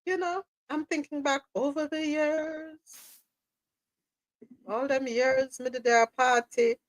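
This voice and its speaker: A woman with a Caribbean accent hosting a live talk show, chatting in a lively way, laughing often and slipping into patois. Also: sits high, takes it slowly, dry recording. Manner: animated, laughing, slips into patois. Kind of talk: casual chat.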